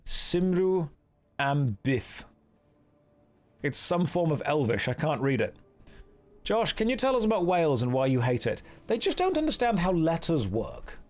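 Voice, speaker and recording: An Englishman with a fairly high, sing-song voice streams an online game at an unhurried pace. He chats casually with viewers, reads out their messages with wry teasing, and warmly thanks donors.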